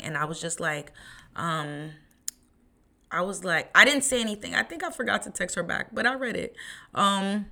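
A woman's voice: on the low side, lively intonation, normal speed, vocal fry, bright, forceful tone. A woman in her thirties hosting a podcast, talking in a chatty, rambling way with lots of fillers. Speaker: podcast host. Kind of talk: casual podcast monologue.

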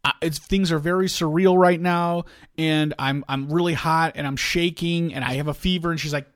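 Animated storytelling man in his forties. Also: a little high, moderate pace. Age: 40s. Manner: animated storytelling, acts out quoted dialogue. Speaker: podcast co-host. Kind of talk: casual chat.

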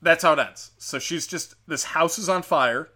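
A man's voice: a little high, moderate pace, pushed and bright, husky. A man hosting a podcast, telling a show's story in a rambling, profane, joking way. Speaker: podcast host. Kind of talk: casual rambling show recap.

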